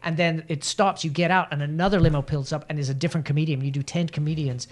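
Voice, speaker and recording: A man's voice: a little high, fairly even intonation, fast, background noise. A man hosting a podcast, playful and teasing, laughing a lot in casual chat. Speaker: podcast host. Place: studio with live audience.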